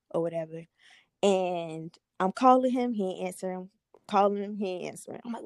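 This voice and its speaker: Candid young woman telling a story with a mellow voice. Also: medium pitch, a little fast, vocal fry, no room sound, clean studio sound. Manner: candid, profane, animated storytelling. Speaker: podcast host. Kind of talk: casual storytelling chat.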